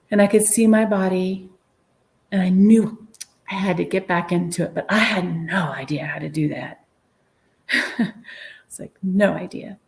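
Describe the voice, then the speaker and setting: A woman's voice: mid-range voice, creaky, darkish tone. A woman guest on a podcast, telling a personal story in an earnest, reflective way, sometimes dropping to a whisper. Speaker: guest medium sharing a near-death experience. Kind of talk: storytelling in an interview.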